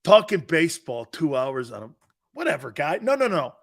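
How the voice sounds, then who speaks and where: Sports talk host, male, bright voice, lively delivery that swings high and low, teasing and laughing. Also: moderate pace. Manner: animated, teasing, laughs often, mock apologies. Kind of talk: live sports talk show, reading viewer comments.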